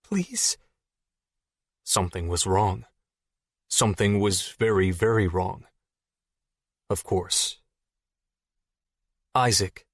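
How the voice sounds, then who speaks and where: A man with a fairly low voice narrates a fantasy novel in the first person. His reading is steady and measured, recorded close in a dry studio. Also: no echo. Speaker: audiobook narrator.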